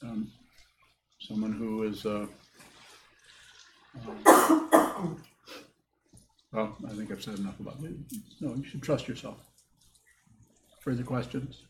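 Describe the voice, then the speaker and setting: Male Buddhist teacher, thoughtful and halting, live hall recording with echo. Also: fairly low pitch, a bit bright. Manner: halting, thoughtful, repeats words as he rethinks. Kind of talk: dharma talk answering questions. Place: meditation hall with a group. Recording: echoey room with faint hiss.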